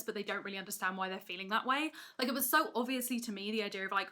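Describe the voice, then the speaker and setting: A woman holds forth from a rented room in an excitable, comedic rant. Her voice is bright and a little sharp. She talks fast, leans hard on her points and keeps turning the jokes back on herself. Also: mid-range voice. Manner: excitable, rapid, emphatic, self-mocking. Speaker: video essayist host. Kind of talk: energetic comedic rant to camera. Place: rented apartment room, indoors. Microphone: camera mic, seated in wheeled office chair.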